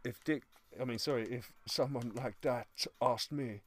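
A man, a podcast host in casual banter, building up a comic scenario with drawn-out detail. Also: medium pitch. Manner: builds scenarios, acts out posh politeness.

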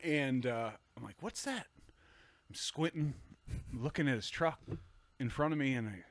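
A man swaps stories as a podcast guest, his voice sitting at an everyday pitch. He curses often and jumps louder whenever he acts out what someone said. The sound is dry and close, with no room echo. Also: moderate pace. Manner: animated, swears often, acts out quoted lines loudly. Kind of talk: casual storytelling.

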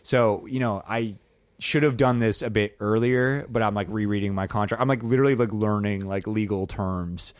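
A man chatting casually on a comedy podcast, rambling and self-deprecating with quick asides. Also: lowish voice, fairly even intonation, no echo. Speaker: podcast guest, comedy writer.

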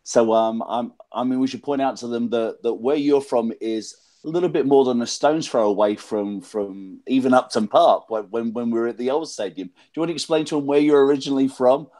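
A man's voice: mid-range voice, brisk, hardly any pauses, mellow. Male host, casual chat, stumbles and repeats words while asking questions.

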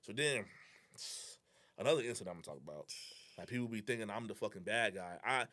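Fast-talking young man telling a story. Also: fairly low pitch. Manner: animated, reenacting dialogue; slangy and profane. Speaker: guest. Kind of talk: casual storytelling.

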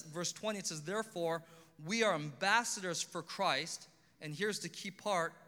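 A man's voice: sits high, sharp tone, big-room sound. A man preaching a sermon, with an earnest, pleading emphasis.

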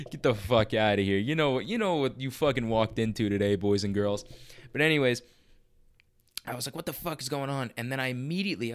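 A young man hosts a podcast from a room at home and tries out stand-up bits. He talks in a profane, animated ramble, restarting sentences and pushing his voice up for emphasis. He has a mid-pitched voice. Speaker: podcast host.

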